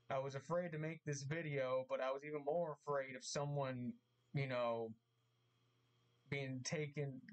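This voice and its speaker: A man making an earnest vlog apology, speaking haltingly and repeating himself, getting emotional as he talks. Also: medium pitch, rough recording. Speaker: vlogger. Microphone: mask on, camera vlog.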